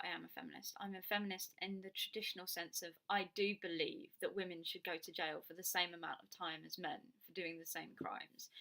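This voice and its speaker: A woman's voice: lowish voice, fairly bright tone. A young Englishwoman giving her blunt, opinionated views to camera and swearing freely. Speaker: vlogger.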